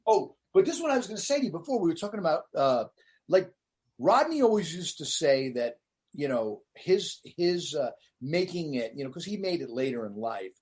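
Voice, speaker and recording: Man, comedian guest, slightly high voice, casual chat, relaxed, lots of fillers. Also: moderate pace. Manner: relaxed, loose talk with many fillers.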